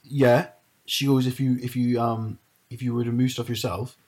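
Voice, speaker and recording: A man's voice: mid-range voice, normal speed, breathy edge. A man, chatting casually and animatedly retelling a story. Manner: animated storyteller, mimics his mum.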